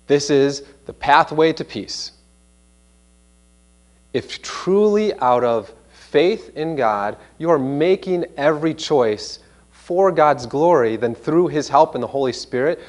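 A man preaching a sermon in a church, animated and earnest, sometimes mimicking voices in quoted asides. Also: a little high. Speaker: pastor.

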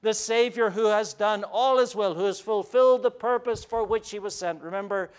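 A man's voice: sits high, normal speed, clear, resonant tone. A man preaching a sermon as pastor, earnest, with frequent fillers and restarts.

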